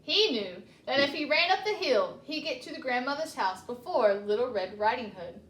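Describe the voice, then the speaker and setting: A woman reading a children's story aloud with lively, chatty asides. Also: sits high, normal speed, echoey room. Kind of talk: animated read-aloud storytelling.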